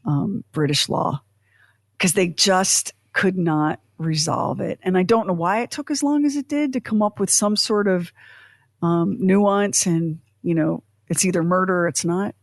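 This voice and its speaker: A woman co-hosting a podcast, in chatty, animated casual talk full of fillers and asides. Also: on the low side, measured pace, no room sound, studio quality. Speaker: podcast co-host. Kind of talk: casual chat.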